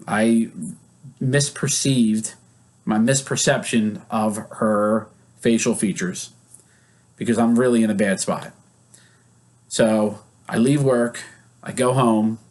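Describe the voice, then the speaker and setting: A man's voice: fairly low pitch, steady tone, slow pace, pauses often, a little mellow. A male psychologist who leads therapy groups, teaching casually and acting out example scenes in quoted voices. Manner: conversational, with many fillers.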